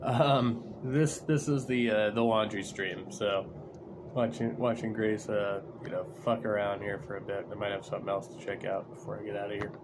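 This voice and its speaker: A man's voice: lowish voice, little pitch movement, moderate pace, noisy background. A man hosting a stream, talking casually in a sarcastic, mocking way, rambling with many fillers. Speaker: stream host. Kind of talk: casual commentary over a livestream.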